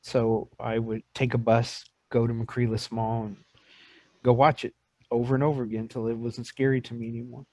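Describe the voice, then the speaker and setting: Dry-voiced storytelling dad. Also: male voice, medium pitch, normal speed, no echo. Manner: animated storyteller, acts out quotes. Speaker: podcast host. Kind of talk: casual chat.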